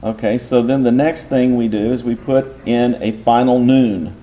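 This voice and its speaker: Mellow-voiced man teaching step by step. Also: mid-range voice, fairly even intonation, normal speed, hardly any pauses. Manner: patient, explaining step by step with rhetorical questions. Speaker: Bible teacher. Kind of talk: teaching lecture.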